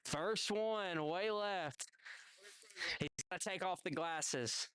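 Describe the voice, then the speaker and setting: A man's voice: high voice, slow, a bit bright, clean tone. A man with a Southern US accent hosting a live golf competition, giving chatty play-by-play and chatting with contestants. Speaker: event host. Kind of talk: live event commentary. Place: outdoor golf event.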